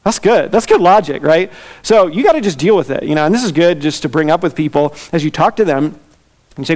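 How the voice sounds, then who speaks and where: High-voiced man preaching casually. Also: brisk. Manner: conversational, animated, laughs often. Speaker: pastor. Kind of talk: sermon.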